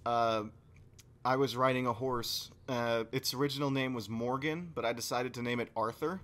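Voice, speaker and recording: A man co-hosting a podcast, telling a story in casual chat and swinging from low mumbling to loud yelling. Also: steady tone, normal speed. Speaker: podcast co-host.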